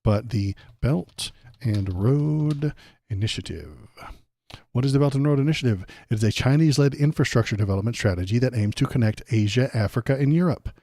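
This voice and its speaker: A man's voice: medium pitch, a little fast, dark tone, dry recording, clean studio sound. A man hosting a political livestream, ranting casually over clips in a sarcastic, mocking way and swearing freely.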